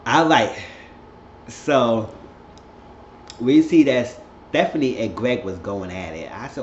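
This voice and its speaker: A man's voice: medium pitch, normal speed, slight background noise. A man vlogging a casual, rambling recap who keeps jumping into voices for the characters. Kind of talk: casual chat. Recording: roomy lo-fi home recording.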